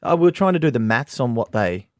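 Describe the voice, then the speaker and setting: A man's voice: mid-range voice, sing-song, fast talker, no echo, clean studio sound. An Australian man, a musician guest, telling rambling stories and laughing often. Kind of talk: casual storytelling interview. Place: radio studio.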